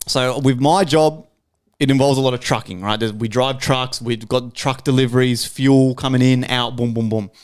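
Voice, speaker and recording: A man's voice: mid-range voice, moderate pace, clean tone. An Australian man co-hosting a podcast, telling stories in casual chat, swearing freely and checking in with "right?". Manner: animated storyteller, swears freely, tags lines with "right?". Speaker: podcast co-host.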